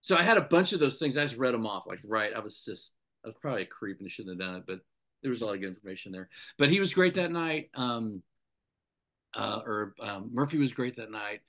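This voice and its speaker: Speaking briskly in a fairly low voice, a middle-aged man who used to be a sports anchor shares stories as a podcast interview guest. His storytelling is casual and animated, and he acts out each person he quotes.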